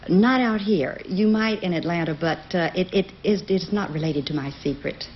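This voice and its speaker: Southern woman, guest on a game show, friendly and folksy; lowish voice, dull broadcast sound with faint hiss. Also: normal speed.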